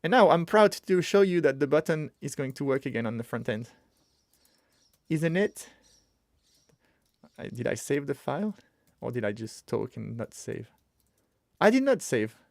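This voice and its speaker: A man's voice: mid-range voice, animated, moderate pace, gravelly, pauses often, darkish tone, no room sound, studio quality. A man streaming as he codes, talking casually and muttering to himself while he works. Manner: thinks aloud, mutters to himself while working. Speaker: streamer coding live. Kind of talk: casual live-coding stream.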